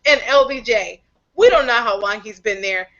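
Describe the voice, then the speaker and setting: A woman co-hosting a TV recap podcast, retelling scenes in an animated, storytelling way. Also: on the high side, normal speed, highs cut off. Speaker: podcast co-host. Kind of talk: TV episode recap chat.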